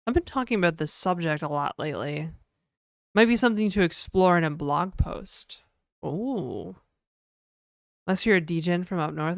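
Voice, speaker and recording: Canadian woman streamer, lightly accented, smooth and dry, chatty and joking. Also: lowish voice, a bit bright, dry recording. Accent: mild Canadian. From Canada (New Brunswick). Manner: chatty, joking, answers chat aloud. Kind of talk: casual live-stream chat.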